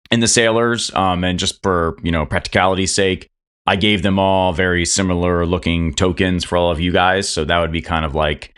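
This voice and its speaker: A man's voice: sits low, fairly bright tone, smooth. A man running a tabletop game as game master, rambling with many fillers and restarts.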